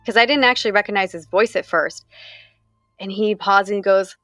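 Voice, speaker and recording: A woman's voice: medium pitch, steady tone, normal speed, a bit bright, no room sound, soft background music. A young woman from the United States, candidly recounting a personal story in an interview, talking conversationally with frequent fillers.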